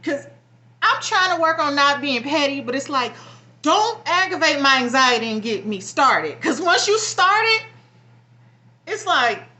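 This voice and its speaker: A woman's voice: sits high, sing-song, measured pace, bright, forceful tone. A young woman venting bluntly and with a lot of swearing in a personal vlog, close to tears and frustrated. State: near tears. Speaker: vlogger. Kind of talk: emotional personal vlog rant.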